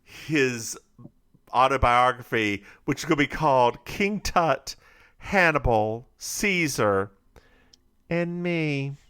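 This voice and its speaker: Male podcast co-host, from North Carolina, bright tone, lively swooping pitch, animated recap. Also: smooth. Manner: animated storytelling with quick put-on character voices. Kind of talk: casual chat.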